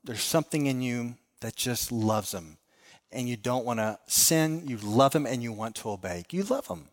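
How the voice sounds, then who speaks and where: A middle-aged pastor preaches a sermon in an earnest, storytelling manner, circling back on his own phrases. His voice is at an ordinary pitch and normal speed, with a long reverb from a large hall.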